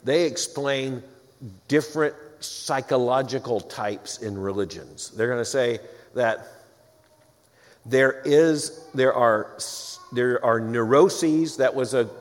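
A man's voice: medium pitch, slow. A man preaching an expository sermon, reading scripture aloud and breaking off for emphatic, wry asides. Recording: long hall reverb.

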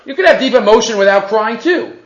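Male Torah teacher, very high and lively voice, animated lecture, muffled recording in an echoey room. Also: a little fast. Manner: animated, asks many rhetorical questions. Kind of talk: weekly Torah class lecture.

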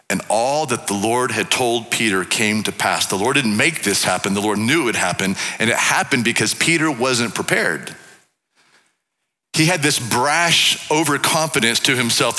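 Emphatic preacher in a reverberant hall. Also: male voice. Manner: emphatic preaching, swings from loud to low and slow. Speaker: pastor. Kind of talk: sermon.

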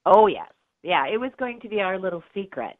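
A woman's voice: medium pitch, very animated, a little fast, no room sound. A middle-aged woman, a guest and author, telling an emotional story in an interview, earnest and acting out the voices of others. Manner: earnest, acts out quoted voices, laughs through tears. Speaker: guest, bereaved mother and author. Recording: tinny phone-like line.

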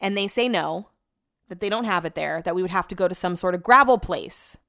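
A woman's voice: on the low side, brisk, creaky, pushed and bright, dry recording, studio quality. A young woman casually telling a rambling story from her home office, full of likes and restarts. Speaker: vlogger.

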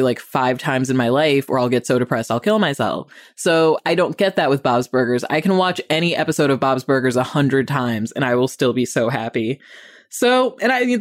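A woman hosting a casual TV review podcast, talking in an opinionated, animated way with lots of rambling asides. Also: very deep voice, moderate pace, no echo, studio quality.

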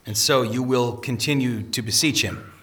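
A man voicing a calm, kind and steadfast pilgrim who questions gently. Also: medium pitch, moderate pace, recorded from a distance, natural voice. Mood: gentle.

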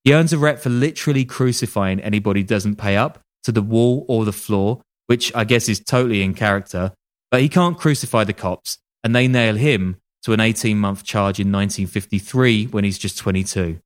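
A man's voice: fairly low pitch, brisk. A man telling a true-crime story casually on a podcast, with wry joking asides and casual swearing. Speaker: podcast host.

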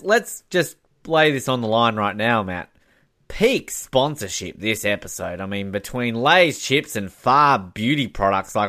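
A man co-hosting a podcast, rambling, animated and casual with lots of fillers. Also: mid-range voice. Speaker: podcast co-host. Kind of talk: casual recap chat.

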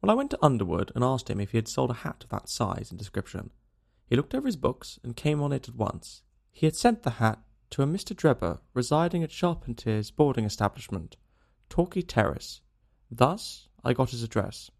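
A man's voice: medium pitch, big pitch swings, fairly quick, vocal fry, darkish tone. A man reading an audiobook, voicing a pompous, self-satisfied middle-aged police detective. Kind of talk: audiobook character voice.

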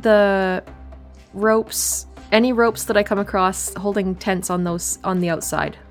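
A woman playing a tabletop game, briskly planning aloud in casual chat. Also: medium pitch, steady tone, faint music behind. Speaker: player.

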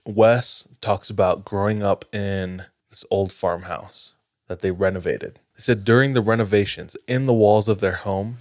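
A man hosting a podcast spins a spooky tale in a measured, dramatic way. His voice sits very low and he takes his time. The recording is close and dry. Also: a little mellow, no room sound. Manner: measured, dramatic storytelling with light laughs. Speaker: podcast host. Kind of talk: telling a spooky story on a podcast.

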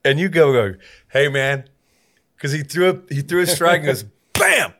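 A man with a fairly high voice hosts a loose, casual interview. He prods his guest playfully with quick, teasing questions. The talk is relaxed and jokey. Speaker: podcast host.

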